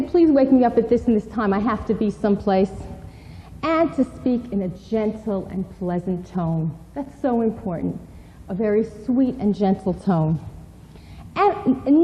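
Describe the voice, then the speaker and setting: A woman lectures young people on respect for parents, in an animated, instructive way. Her voice is fairly high and very lively, with a mellow tone. A long hall reverb trails behind her. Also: highs cut off. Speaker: parenting speaker. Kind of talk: lecture with role-play.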